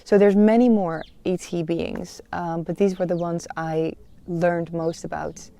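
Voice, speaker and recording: A woman's voice: lowish voice, steady tone, unhurried, vocal fry, dark tone, slight background noise. A woman hosting a personal podcast, talking in an earnest, confessional way with frequent "you know" fillers. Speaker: podcast host.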